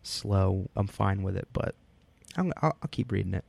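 A man's voice: sits low, expressive, moderate pace, creaky, darkish tone, dry recording. A man in casual podcast chat, reviewing a comic book in a rambling way, with many fillers and easy laughter. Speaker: podcast co-host.

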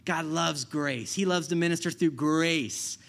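A man's voice: a little high, unhurried, vocal fry, a bit bright. A young man preaching a sermon in a casual, conversational way, often checking in with "right?" and laughing at his own stories.

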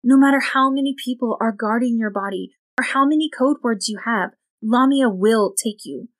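A woman voicing a grave older woman who was once possessed, speaking in slow, grim warnings. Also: a little high, no echo, voice pushed up, natural voice.

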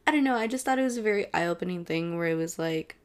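A woman's voice: lowish voice, clean tone. A young woman hosting a casual solo podcast, chatty and blunt, and she swears freely. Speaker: podcast host.

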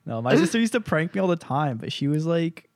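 A man's voice: on the high side, big pitch swings, brisk, a little mellow, no echo, studio quality. A young man co-hosting a podcast in casual chat, laid-back and swearing freely, telling stories with voiced impressions. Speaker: podcast co-host.

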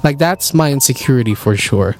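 A young man hosting a casual podcast, talking in a halting, reflective way and turning questions to his guest. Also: medium pitch, animated, darkish tone, a little hiss or hum. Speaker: podcast host. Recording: background music under the voice.

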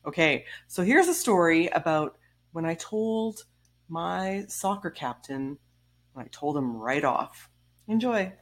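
A woman in her thirties telling a story in a casual vlog, animated and wry, blunt, swearing casually and laughing as she goes. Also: on the low side, slow. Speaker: vlogger.

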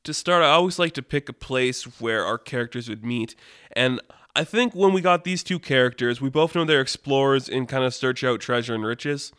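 Smooth-voiced man telling a rambling story. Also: medium pitch, moderate pace, no echo. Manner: rambling, animated, many "like" fillers. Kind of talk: casual improvised storytelling. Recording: dry close mic.

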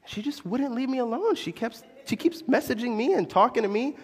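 A young adult man and pastor telling a personal story in a sermon, animated, confessional and poking fun at himself. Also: very high-pitched, fairly quick, breathy edge. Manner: animated, confessional, self-mocking. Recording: long echo of a large hall.

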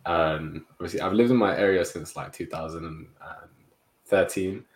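A man's voice: low-pitched, normal speed. Young man telling a story. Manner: animated storytelling with slang. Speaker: podcast co-host. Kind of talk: casual chat among friends.

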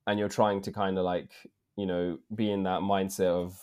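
A man's voice: sits low, normal speed, smooth. Slangy English man telling a story. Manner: slangy, animated, drops in "bruv" often. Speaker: podcast co-host. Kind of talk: casual storytelling chat.

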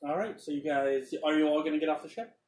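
A man's voice: fairly high pitch, fast, darkish tone, distant mic. A man narrating as game master in a rambling, hesitant way. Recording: roomy echo, off-mic.

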